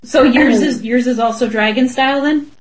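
A woman's voice: high voice, normal speed, crowd noise. A woman co-hosting a casual comedic chat, playful and bawdy, laughing often. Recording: voice recording.

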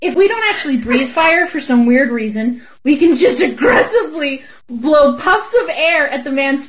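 A woman's voice: sits high, animated, moderate pace, few pauses, a little hiss or hum. A woman co-hosting a casual comedic chat, playful and bawdy, laughing often. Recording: voice recording.

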